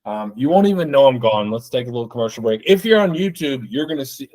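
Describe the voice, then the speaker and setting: A man's voice: medium pitch, lively intonation, fast talker, hardly any pauses, darkish tone. A man hosting a solo podcast, rambling and joking with plenty of swearing, a bit tipsy from the beers. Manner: rambling, profane, jokey. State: tipsy from drinking beer. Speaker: podcast host. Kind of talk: solo casual podcast rant.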